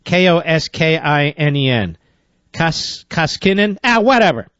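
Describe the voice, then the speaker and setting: Guy on talk radio, high-ish voice, sarcastic and worked up, dry kinda dull broadcast sound. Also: big pitch swings, a little slow, fairly bright tone, no echo. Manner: sarcastic, indignant, reads news items then rants.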